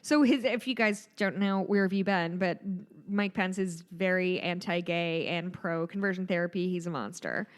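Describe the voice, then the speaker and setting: A woman's voice: fairly low pitch, moderate pace, few pauses. A woman in her thirties, co-hosting a podcast, talks through stories in a casual, rambling way with plenty of fillers and laughs. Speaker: podcast co-host. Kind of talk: casual chat.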